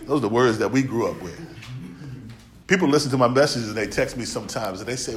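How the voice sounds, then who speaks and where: A man's voice: medium pitch, animated, quick pace, echoey room. Folksy American preacher man. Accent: African American English. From United States. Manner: folksy, preaches in plain slang, jokes and laughs often. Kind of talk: sermon.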